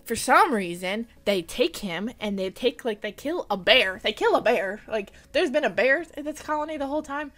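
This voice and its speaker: Animated young woman recapping a movie. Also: a little high. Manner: animated, lots of "like", blunt and incredulous. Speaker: vlogger.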